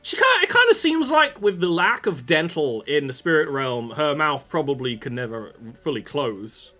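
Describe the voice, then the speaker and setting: A man running a tabletop game as game master, his pitch rising and falling with lively energy. He narrates casually, tossing off quick asides and laughing with his players, over faint music in the background.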